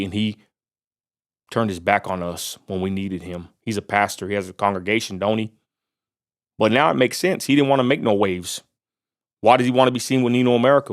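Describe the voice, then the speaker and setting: Fired-up Texan man ranting. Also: on the low side. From Texas. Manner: fired-up preacher-like rant with Southern "y'all". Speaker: vlogger. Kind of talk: angry ranting vlog. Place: outdoors near a roadside lot.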